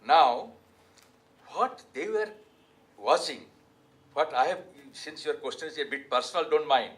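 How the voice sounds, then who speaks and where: A man's voice: on the high side, lively intonation, fairly bright tone. An older man from India with an Indian English accent, giving a reflective storytelling talk as an author. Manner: measured, reflective, with restarts. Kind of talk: storytelling lecture. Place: hall.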